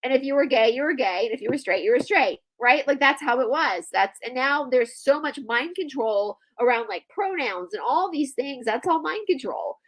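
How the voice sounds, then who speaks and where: Brief: woman guest, high voice, stuffy congested nose, brash and animated. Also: normal speed, hardly any pauses. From United States. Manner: animated, laughing and swearing freely. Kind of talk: casual chat.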